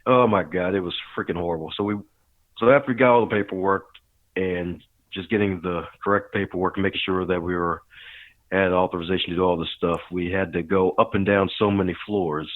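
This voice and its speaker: A man with a fairly low voice tells a lively story as a podcast guest, acting out other people's lines and breaking into big laughs. His voice comes through a thin, phone-like line. The sound is dry, with no room echo. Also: fairly quick. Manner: animated storyteller who acts out quotes and laughs loudly. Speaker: podcast guest, author and speaker. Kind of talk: casual storytelling interview. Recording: tinny phone-like remote line.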